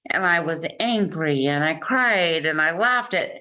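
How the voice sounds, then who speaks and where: Woman host, earnest and encouraging, slow careful speech, muffled lo-fi sound. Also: low-pitched, lively intonation. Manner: earnest and encouraging, laughs often. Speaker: interview host. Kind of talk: casual conversation.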